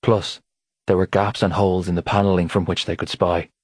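A male narrator reads a novel in a measured, steady way, his voice very low with a husky grain. The sound is dry and close, with no room around it, as in a studio booth. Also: no room sound. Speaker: audiobook narrator. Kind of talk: scripted narration.

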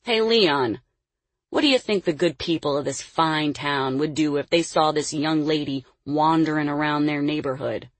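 Brief: a woman doing a menacing male tormentor for an audiobook, low and husky, taunting threats. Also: normal speed, no room sound. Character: cruel, menacing adult male captor in charge. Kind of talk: audiobook character voice.

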